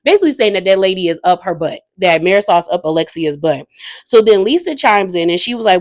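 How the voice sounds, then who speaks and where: A woman's voice: medium pitch, sing-song, quick pace, a little mellow. A woman giving a casual, opinionated recap of a reality TV episode, talking in a chatty way with frequent fillers.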